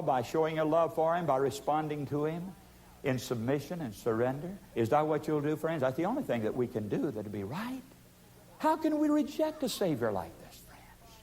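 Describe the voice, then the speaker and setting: Emphatic male preacher, rising and hushed. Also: on the high side. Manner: emphatic, swings between loud pleading and hushed tones. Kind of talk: sermon.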